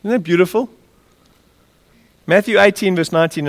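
A man preaching a sermon, impassioned and lively, with chuckles as he tells stories. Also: high-pitched, moderate pace, pauses often. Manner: impassioned, with a lively rise and fall; chuckles while telling stories. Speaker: pastor. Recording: long reverb of a large hall.

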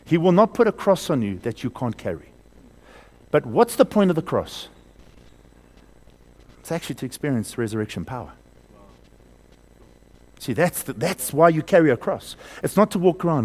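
Male preacher, slightly high, very animated pitch, sermon delivery with loud and hushed swings and call-and-repeat. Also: moderate pace, long pauses. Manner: asks the congregation questions and has them repeat words.

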